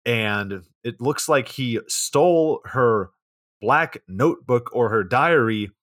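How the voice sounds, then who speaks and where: A man's voice: mid-range voice, expressive, slow, fairly bright tone, dry recording, clean studio sound. A man co-hosting a podcast, casually recapping a movie plot with swearing and asides. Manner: laid-back, recounts plot with swearing and asides. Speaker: podcast co-host.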